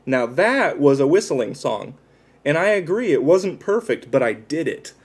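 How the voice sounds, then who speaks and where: A man's voice: a little high, sing-song, unhurried, breathy edge. Rambling self-deprecating man livestreaming. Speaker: livestreamer tattooing himself. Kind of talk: casual livestream chat.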